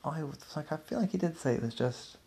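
Gravelly man improvising a story. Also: fairly high pitch, lively intonation, fast, a little mellow. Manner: loose, hesitant, self-correcting.

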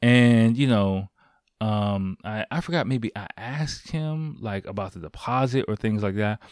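A man's voice: lowish voice, unhurried, a little mellow, clean tone, no room sound, studio quality. Rambling, swearing man telling a story. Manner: rambling, swears casually, many fillers and restarts. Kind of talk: casual storytelling.

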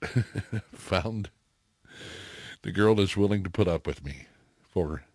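A man's voice: sits low, slow pace, a little mellow, no echo. A middle-aged man hosting a morning radio show, chatting casually with lots of fillers. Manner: chatty, folksy, many fillers. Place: radio studio.

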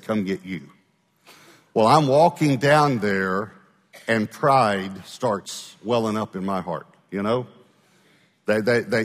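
Low-voiced pastor in a reverberant hall. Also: male voice. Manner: conversational, checks in with the crowd often. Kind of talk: sermon storytelling.

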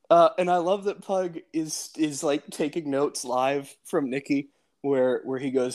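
A man's voice: mid-range voice, fairly even intonation, measured pace, a little mellow. A man co-hosting a casual podcast who talks with enthusiasm, laughs a lot and retells scenes in chat. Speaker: podcast co-host.

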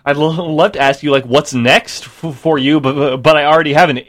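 Male radio host, friendly, stumbling restarts, slightly raised pitch. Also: fairly even intonation, fairly bright tone. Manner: friendly, halting, many restarts. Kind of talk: radio interview.

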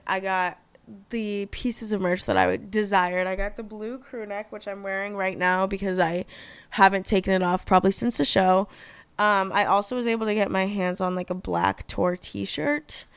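A woman's voice: mid-range voice, steady tone, normal speed, a bit bright, smooth, no room sound. A young woman hosting her own podcast, chatting casually and gushing, full of fillers and offhand swearing. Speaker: podcast host. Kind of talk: casual solo podcast chat.

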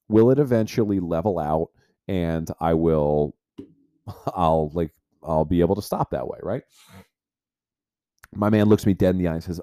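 A man with a low, mellow voice tells a personal story as a podcast host. He rambles, restarting phrases and leaning on "like" again and again. The sound is dry and close, with no room around it. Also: normal speed, long pauses, dry recording. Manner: rambling, heavy use of filler "like".

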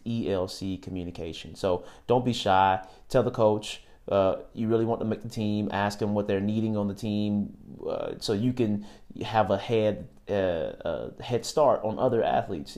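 A man talks through basketball tryout advice like a coach, direct and repetitive for emphasis. His voice sits low and has a mellow, dark tone. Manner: coaching, direct, repeats key words. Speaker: podcast host giving basketball tryout tips. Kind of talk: casual advice monologue.

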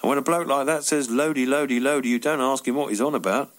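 A man's voice: medium pitch, quick pace, lightly acted. A man voicing a blunt working-class taxi driver, speaking tersely and matter-of-factly.

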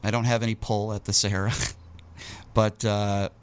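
A man telling a long personal story in casual talk, animated and indignant, with his voice jumping up in bursts. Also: fairly low pitch, normal speed, clean tone. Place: Las Vegas local.

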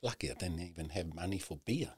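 A man with a very low voice tells his own story in an earnest, unpolished way. He swears freely and keeps circling back with "you know" and false starts. The sound is dry and close, with no room around it. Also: expressive, fast talker, slightly rough, no room sound. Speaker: guest. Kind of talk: candid personal storytelling.

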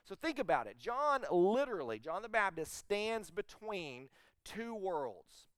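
A middle-aged man preaching a sermon, emphatic and animated, asking the listeners rhetorical questions. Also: high voice, unhurried, no echo. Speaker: pastor.

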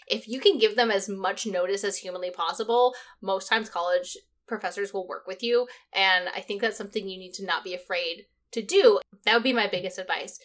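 A woman's voice: medium pitch, brisk, hardly any pauses, a bit bright. A woman co-hosting a podcast in a casual, chatty way, laughing easily between points. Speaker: podcast co-host.

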